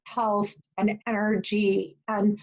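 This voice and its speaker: A woman's voice: medium pitch, level tone, slow, darkish tone, highs cut off. A woman interviewing a guest over a video call, effusive and affirming, asking questions in a rambling way. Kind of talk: supportive interview talk.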